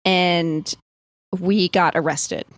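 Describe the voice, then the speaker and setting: A woman's voice: fairly low pitch, fairly even intonation, drawn-out words, no echo. A young woman from the East Coast telling a dream story in casual podcast chat, full of "like" and freely swearing. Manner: rambling, filler-heavy, swears freely. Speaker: podcast guest.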